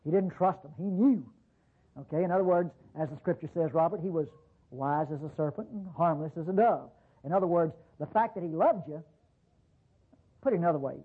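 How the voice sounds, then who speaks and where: Husky folksy preacher, tinny recording. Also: male voice, high voice. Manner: folksy, rhetorical questions, frequent restarts. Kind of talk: sermon.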